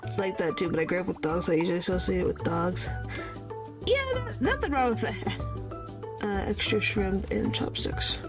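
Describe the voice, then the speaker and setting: A woman's voice: mid-range voice, fairly quick, over music. A woman chatting casually with her chat while streaming a game, often exclaiming in surprise.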